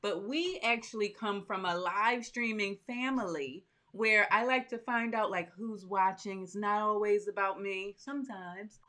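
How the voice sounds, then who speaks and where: A woman's voice: mid-range voice, a little slow, hardly any pauses, pushed and bright. Upbeat lady soap maker chatting on a live stream, talks right to her viewers.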